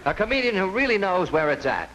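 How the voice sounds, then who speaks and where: A man's voice: high voice, sing-song, fast, fairly bright tone. A male TV host introducing a comedian in an upbeat way. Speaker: TV show host. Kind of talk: introducing a guest. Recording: noisy old TV broadcast.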